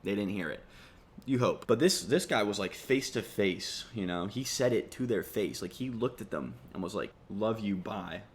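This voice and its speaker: Young male YouTuber, deep voice, sarcastic rambling comic commentary. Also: lively intonation, normal speed, slight background noise. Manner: sarcastic, rambling, swears freely. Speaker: comedy YouTuber. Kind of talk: casual comedic commentary.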